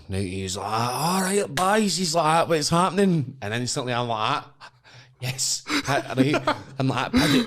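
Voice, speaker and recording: A young Scottish man, a wrestler and podcast guest, telling animated, swear-filled stories and acting out the voices of the people in them. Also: fairly low pitch. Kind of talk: casual storytelling chat.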